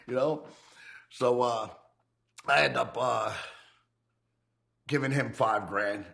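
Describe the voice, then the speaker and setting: Gravelly streetwise man telling stories. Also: medium pitch, slow pace, pauses often, fairly bright tone. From United States. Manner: profane, streetwise, acts out dialogue. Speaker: former outlaw biker telling his story. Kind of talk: casual storytelling interview.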